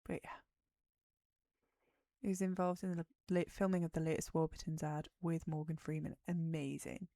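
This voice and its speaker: A woman's voice: low-pitched, level tone, a little fast, few pauses, warm tone, no room sound, clean studio sound. A tired woman streamer, rambling in casual chat about a film and sometimes dropping to a whisper. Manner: rambling, drifts off topic, drops to a whisper at times. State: tired, yawning. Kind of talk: casual movie chat on a livestream.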